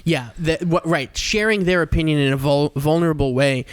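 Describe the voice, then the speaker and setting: A young man co-hosting a comedy podcast, talking in an animated, self-mocking way and swearing freely. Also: a little high, brisk, smooth. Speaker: podcast co-host. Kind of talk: casual comedic chat.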